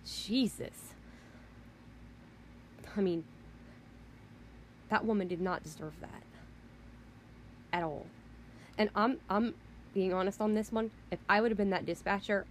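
Woman vlogger on a fired-up rant, rambly, lots of "you know", mid pitch. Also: moderate pace, pauses often, slight background noise. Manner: indignant, rambling, repeats "you know" and "I mean"; swears in exasperation. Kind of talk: angry storytelling rant.

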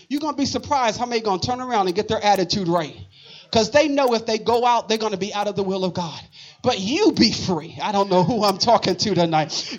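A man's voice: high-pitched, fast talker, highs cut off. A man preaching a sermon at a live church service, tired but impassioned and rhythmic.

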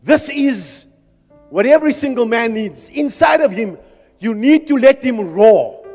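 A man preaching a fervent sermon at a men's conference, impassioned and rising to shouts, teasing the crowd between points. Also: extremely high pitch, expressive, unhurried. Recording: long hall reverb with music behind.

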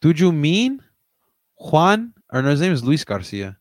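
A young man from Philadelphia hosting a casual sports livestream, rambling and answering his chat, jumping between loud outbursts and low mutters. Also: very animated, unhurried, dry recording. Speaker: livestream host.

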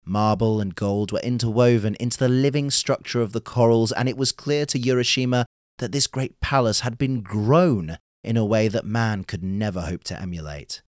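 Measured male folktale narrator, dry sound. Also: lowish voice, no echo. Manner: measured, unhurried storytelling. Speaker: storyteller.

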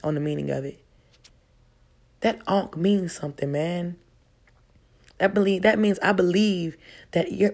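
A woman's voice: fairly low pitch, vocal fry. Woman preaching self-love, emphatic and profane. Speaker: vlogger. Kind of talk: casual motivational monologue.

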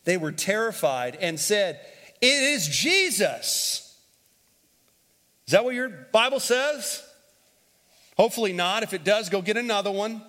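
A man preaching from the pulpit in a high, bright voice that lingers in the long reverb of a church sanctuary. He drives his points home by repeating them, swinging between loud declarations and hushed stretches. He has the congregation repeat lines back to him. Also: animated, normal speed. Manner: repeats phrases and leads the congregation in call-and-response. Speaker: pastor. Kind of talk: sermon.

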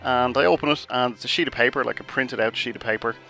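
Guy chatting on his podcast, bright forceful voice, faint music underneath. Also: medium pitch, fast, creaky. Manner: chatty and self-mocking, with restarts and acted asides. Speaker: podcast host. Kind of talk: podcast storytelling.

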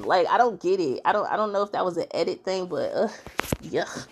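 A woman's voice: lowish voice, fairly quick, husky. Chatty woman podcast host. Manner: chatty, expressive, many fillers. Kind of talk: casual episode recap.

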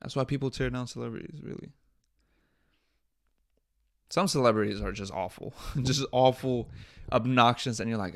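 Man, podcast host, casual solo rant, profane, exasperated, gravelly fry. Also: medium pitch, normal speed, long pauses.

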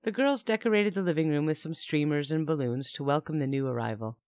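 A woman's voice: deep voice, fairly quick, a little mellow, no room sound, studio quality. A young woman narrating a first-person story in a chatty tone with wry asides.

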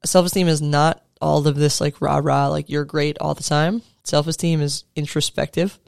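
A man's voice: on the high side, fairly even intonation, moderate pace, creaky, a little mellow, clear, resonant tone, no room sound, studio quality. A man in his thirties, a coach talking to other coaches in an earnest, conversational way, with casual fillers and restarts. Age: 30s. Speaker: sports coach speaking to fellow coaches. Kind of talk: motivational talk.

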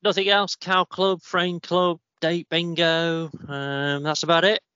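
Bright-voiced man telling a running story. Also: a little high, flat delivery, takes it slowly, clean tone, no echo. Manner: chatty storyteller. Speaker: podcast co-host. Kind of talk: casual chat. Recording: slightly muffled dry recording.

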